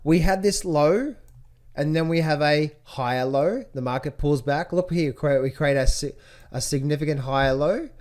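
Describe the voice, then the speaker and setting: A man's voice: on the high side, moderate pace. A man teaching trading as he walks through charts, repeating key phrases and asking rhetorical questions. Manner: repetitive, rhetorical questions, animated pointing out. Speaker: trading educator. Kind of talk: screen-share chart walkthrough.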